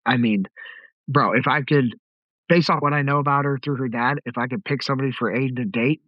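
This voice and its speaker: A middle-aged man talks straight to his listeners in a relaxed, direct podcast style, telling stories from his own family life. His voice sits at an ordinary pitch. The sound is dry and a little dull, with no room echo. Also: a little fast. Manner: direct, conversational storytelling. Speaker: podcast host. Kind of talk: casual podcast talk.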